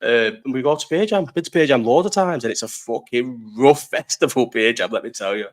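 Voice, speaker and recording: A man's voice: mid-range voice, fairly quick. A young man from Bolton with a Lancashire accent, hosting a live stream and chatting casually to his viewers, rambling, swearing and laughing a lot. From Bolton, North West England. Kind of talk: casual chat answering live chat.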